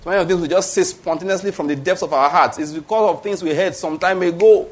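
A man's voice: sits high, fast talker. Emphatic Nigerian man preaching a sermon. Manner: emphatic, repeats key phrases, asks the congregation "All right?". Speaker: pastor.

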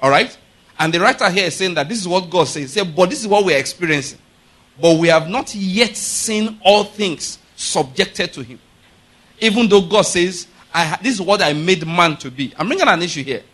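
A man's voice: high-pitched, animated, moderate pace, a bit bright. A middle-aged male pastor preaching a sermon, emphatic and often checking with his congregation through rhetorical questions.

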